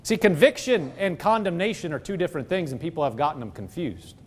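A man's voice: on the high side, animated, fast talker, slightly rough. A man preaching a sermon as pastor, emphatic, throwing rhetorical questions at the congregation.

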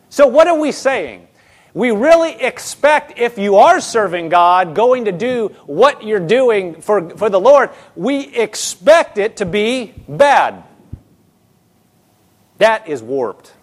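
A man preaching a sermon as a pastor, talking to the congregation in a lively, conversational way with quick restarts. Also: high voice. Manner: acts out quoted people in his own voice.

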